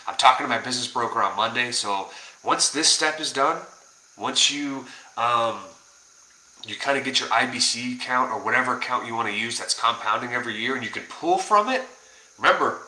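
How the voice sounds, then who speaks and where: Punchy, forceful-voiced man in an echoey room. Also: medium pitch. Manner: energetic, rambling, coaching tone with many fillers. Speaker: personal finance vlogger. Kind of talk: casual direct-to-camera talk.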